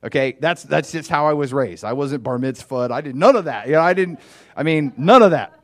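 A man's voice: on the high side, fairly quick, dry recording. A man giving an informal, conversational sermon as a Bible teacher. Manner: animated, conversational, acts out dialogue.

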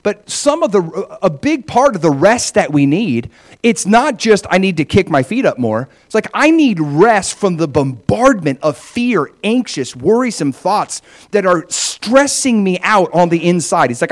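A middle-aged man preaching a sermon, animated, often acting out voices in quotes. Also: sits high, measured pace. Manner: animated, acts out God's voice in quotes. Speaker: pastor.

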